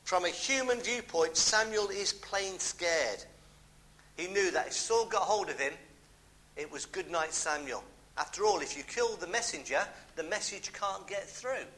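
A man's voice: high-pitched, animated, measured pace, sharp tone, rough recording. A middle-aged man with a British accent preaching a sermon, emphatic, repeating key phrases and adding homely asides.

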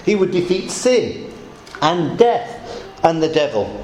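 A man preaching a sermon, explaining scripture step by step with emphatic, animated delivery. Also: fairly high pitch, takes it slowly, echoey room, slight background noise, low-quality recording.

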